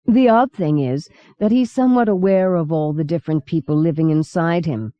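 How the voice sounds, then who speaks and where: A woman narrator voicing an eerie, chatty old woman who tells dark stories matter-of-factly. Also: low-pitched, normal speed, dry recording, close to an everyday voice. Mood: calm, knowing. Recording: dull lo-fi cassette recording.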